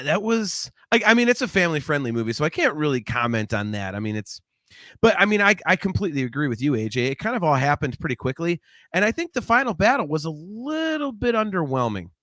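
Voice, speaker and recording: A man's voice: on the high side, pushed and bright, dry recording, studio quality. A man co-hosting a podcast, chatting casually about a movie, rambling with many fillers and restarts and laughing easily. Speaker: podcast co-host. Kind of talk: casual movie review chat.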